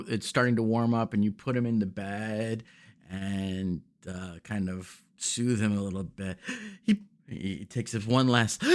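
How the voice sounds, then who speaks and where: A man narrating as game master, relaxed and rambling with frequent fillers. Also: lowish voice.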